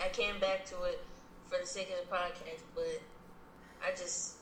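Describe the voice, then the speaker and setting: A woman's voice: on the low side, little pitch movement, moderate pace, fairly bright tone, slight background noise. A woman co-hosting a podcast, making hesitant, easygoing remarks in casual chat. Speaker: podcast co-host. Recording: echoey room with faint ambience.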